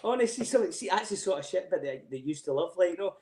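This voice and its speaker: A middle-aged Scottish man spins story after story, his voice sitting a little high, and he laughs easily between lines. His voice rings around a roomy, echoey space. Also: quick pace. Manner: animated storyteller, laughs often, swears freely. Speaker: podcast guest. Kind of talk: casual chat.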